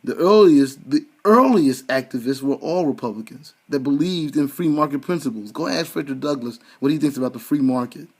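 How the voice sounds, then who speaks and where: A man's voice: medium pitch, a little fast, hardly any pauses, slightly rough. A man giving a heated, sarcastic political rant straight to his listeners, often stumbling over repeated words. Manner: addresses listeners directly, colloquial. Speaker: commentator. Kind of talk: ranting political commentary.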